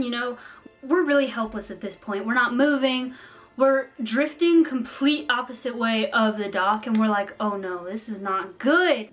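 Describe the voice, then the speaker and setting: A young woman vlogger telling a story in a chatty, animated way, full of slang and fillers. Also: high-pitched. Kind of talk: casual storytime vlog.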